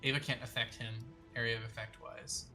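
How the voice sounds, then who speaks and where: Male game master, sharp bright voice, laid-back, curses freely, lots of ums. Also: medium pitch, flat delivery, a little fast, soft background music. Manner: casual, swears a lot, many ums. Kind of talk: running a tabletop game over voice chat.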